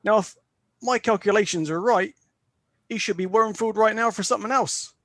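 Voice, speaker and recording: A man's voice: sits high, normal speed, a bit bright, no room sound, clean studio sound. A man voicing a doom-haunted male warlock who delivers his threats with mocking, elaborate politeness. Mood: mocking menace.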